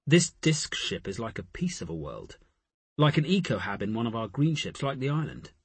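A man's voice: medium pitch, very animated, moderate pace, husky, no room sound. A man voicing a curious male traveller in an audiobook, speaking in a coaxing, teasing way.

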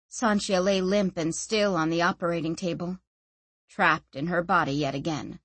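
A woman narrating a story in measured, dramatic scripted narration. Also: fairly low pitch, steady tone, husky, no room sound. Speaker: audiobook narrator.

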